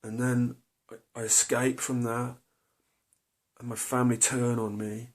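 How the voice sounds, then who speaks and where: A man's voice: mid-range voice, flat delivery, measured pace. A middle-aged man tells a personal story to camera, hesitant and confessional, full of fillers and restarts. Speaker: vlogger.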